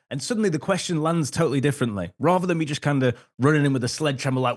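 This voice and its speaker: A man's voice: a little high, animated, rapid-fire, few pauses. A man, a sales consultant guest on a podcast, explaining techniques and acting out little sample conversations. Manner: acts out sample dialogue, frequent um fillers.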